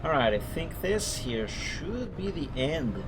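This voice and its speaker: A man's voice: a little high, sing-song, slow, noisy background. A man streaming a driving game, chatting casually and rambling as he corrects himself mid-sentence. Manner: rambling, self-correcting, chuckling. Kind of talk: casual gameplay commentary. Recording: music playing under the voice.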